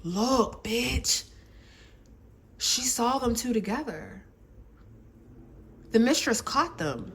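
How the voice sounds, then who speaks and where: A woman's voice: a little high, sing-song, unhurried, long pauses, background noise. A woman giving a casual tarot reading, telling a love-triangle story in a dramatic, gossipy, profane way. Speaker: tarot reader.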